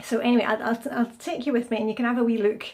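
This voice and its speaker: A woman's voice: on the high side, little pitch movement, racing, a little mellow. Chatty Scottish woman vlogging. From Scotland. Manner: chatty, frequent fillers and restarts. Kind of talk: casual travel vlog. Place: restaurant and streets, indoors and out. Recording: noisy background.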